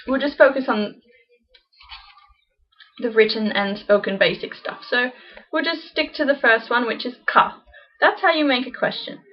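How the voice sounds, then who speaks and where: A woman teaching a casual beginner language lesson, chatty, slowly repeating example phrases. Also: a little high, highs cut off.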